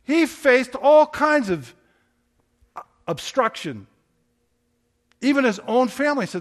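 A man's voice: very high-pitched, very animated, slow, pauses often. A man, a pastor, preaching a sermon in a conversational storytelling way, asking rhetorical questions.

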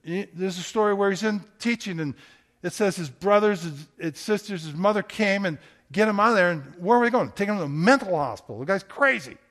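A man's voice: high voice, lively intonation, a little fast, fairly bright tone. A man, a pastor, preaching a sermon in a conversational storytelling way, asking rhetorical questions.

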